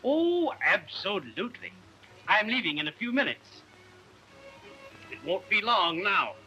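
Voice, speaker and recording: A pompous fake colonel. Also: male voice, high voice, big pitch swings, sharp tone, faint music behind, heavily acted, rough recording. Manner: pompous, slow and grand. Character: pompous blustering man posing as a colonel. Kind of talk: 1930s film comedy acting.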